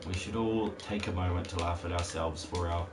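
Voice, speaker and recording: A man with a very deep voice streams a game, rambling and tossing jokey asides to his chat. The recording carries a steady noisy hiss with keyboard typing behind. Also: moderate pace. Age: adult parent. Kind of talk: casual live-stream commentary.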